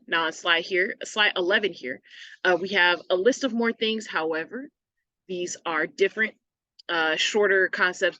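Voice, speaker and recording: A woman teacher explaining a lesson patiently, often checking in with a quick "right?". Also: fairly low pitch, bright, forceful tone, no room sound. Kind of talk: recorded online lesson.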